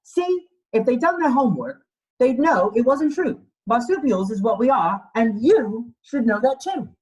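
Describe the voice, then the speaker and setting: A man's voice: extremely high pitch, very animated, moderate pace, muffled recording, pitched above the performer's own voice. A man voicing an exasperated koala who is fed up at being called a bear, ranting in rhyme with casual slang. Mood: indignant. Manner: indignant rhyming rant with casual slang.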